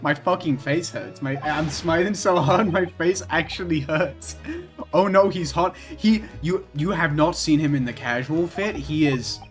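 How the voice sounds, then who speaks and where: Guy streaming a game, loud excited reactions, swears a lot, bit high voice, faint music under it. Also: measured pace. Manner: expressive, swears, laughs and shrieks with excitement. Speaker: streamer playing a video game.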